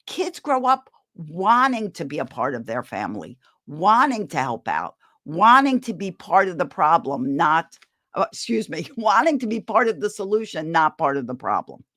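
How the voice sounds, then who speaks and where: A woman giving a live-streamed parenting talk, animated and encouraging as she leads the audience in a laughter exercise. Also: on the low side, moderate pace, no echo, clean studio sound. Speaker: parenting speaker.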